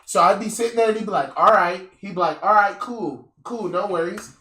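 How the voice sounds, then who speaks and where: Host, male, bright voice, loose profane storyteller, echoey room. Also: high voice, brisk. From US Southwest. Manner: storytelling, swearing, acts out quotes. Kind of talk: casual chat.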